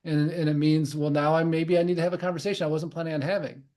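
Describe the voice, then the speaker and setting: A male podcast host talks reflectively, affirming his guest and unpacking ideas at some length. His voice sits fairly high for a man. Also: steady tone, fast, mellow. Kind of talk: casual conversation.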